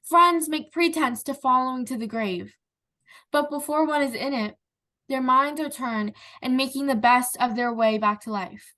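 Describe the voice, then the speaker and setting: A woman's voice: sits high, moderate pace, sharp tone. A woman reading the part of a grieving young wife, bitter and accusing, in an impassioned recitation. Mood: anguished. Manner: impassioned, rising into anguished outbursts.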